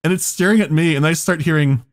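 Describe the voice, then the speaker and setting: A man's voice: a little high, fast talker. A man hosting a podcast, telling a story in casual chat, laughing often and swearing freely. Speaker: podcast host.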